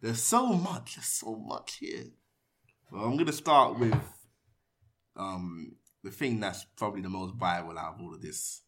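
A man's voice: low-pitched, lively intonation, unhurried, a bit bright. A young man, hosting a casual podcast and telling provocative, rambling jokes. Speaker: podcast host.

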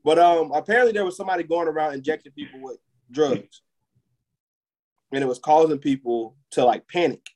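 A man's voice: fairly high pitch, fairly quick, darkish tone, rough recording. A man co-hosting a podcast in casual chat, rambling with lots of filler words. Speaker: podcast co-host.

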